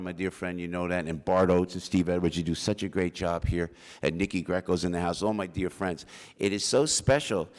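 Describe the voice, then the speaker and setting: A middle-aged man giving an emotional, joking acceptance speech at an awards ceremony, calling out to the crowd. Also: low-pitched. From New Jersey. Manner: emotional, punchy, calls out to the crowd. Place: large hall at an awards ceremony. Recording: long hall reverb.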